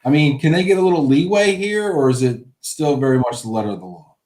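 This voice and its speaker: A man's voice: fairly high pitch, fast talker, a little mellow, echoey room. A man hosting a live stream, joking and reading viewer comments aloud. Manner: jokey, upbeat, reads viewer comments aloud. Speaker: show host. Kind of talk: casual live-stream chat.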